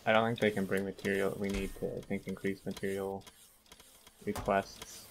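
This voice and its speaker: A man's voice: deep voice, completely flat delivery, moderate pace, slight background noise. A man hosting a multiplayer game session in casual chat, joking and sarcastic, often laughing. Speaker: gaming host.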